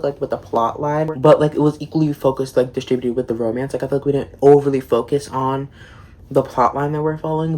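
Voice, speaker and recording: A man's voice: mid-range voice, darkish tone, a little hiss or hum. A man giving a casual book review in a vlog, gushing and leaning on constant "like" fillers.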